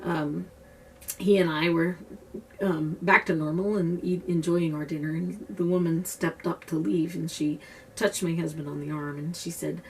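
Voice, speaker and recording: A woman's voice: fairly low pitch, steady tone, moderate pace, distant mic, slight background noise. A woman explaining being an empath in an earnest, conversational way, with loose restarts, as she talks to camera. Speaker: self-described empath teaching a technique. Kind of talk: casual explanatory talk to camera.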